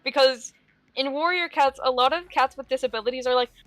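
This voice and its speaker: A woman's voice: sits high, a little fast, a bit bright, dry recording, poor audio. A young woman co-hosting a live podcast, chatting casually, teasing and giggling, reading chat messages aloud. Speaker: podcast co-host.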